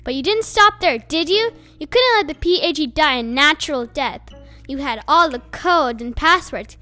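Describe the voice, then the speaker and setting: A woman's voice: high-pitched, animated, moderate pace, pushed and bright, no room sound, soft background music. A woman reading an audiobook, voicing a teenage boy who rages and accuses his friend. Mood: furious. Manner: raging, accusing, sputtering.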